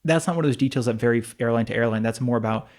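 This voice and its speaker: A man co-hosting a relaxed podcast conversation talks at a brisk clip. He spins a long story with plenty of restarts, asides and "like"s, and his voice sits at an everyday middle pitch. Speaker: podcast co-host. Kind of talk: casual chat.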